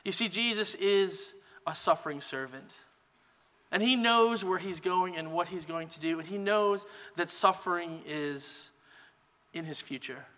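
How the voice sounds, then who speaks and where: A man preaching a sermon as pastor, in a relaxed conversational teaching manner. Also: sits high, a little slow, big-room sound. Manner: relaxed conversational teaching, many "kind of" hedges.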